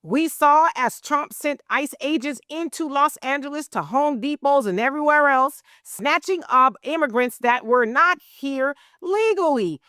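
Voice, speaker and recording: A woman's voice: sits high, a little slow, hardly any pauses, bright, forceful tone, no room sound, clean studio sound. A woman giving casual news commentary, talking straight to her viewers and acting out what others said. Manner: conversational, addresses viewers directly, acts out quotes. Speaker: online commentator.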